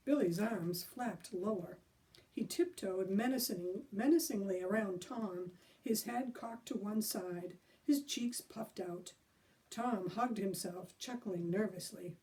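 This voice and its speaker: A woman librarian reading a children's chapter book aloud expressively, pausing to talk about the pictures. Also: medium pitch, mellow, recorded from a distance.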